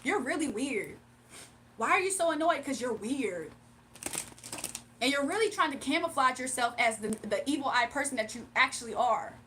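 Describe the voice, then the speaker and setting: Sassy high-voiced woman ranting on livestream. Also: expressive, moderate pace, bright, forceful tone, slight background noise. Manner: sassy, exasperated, talks back to chat comments. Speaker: livestream host reading chat. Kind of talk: casual livestream rant.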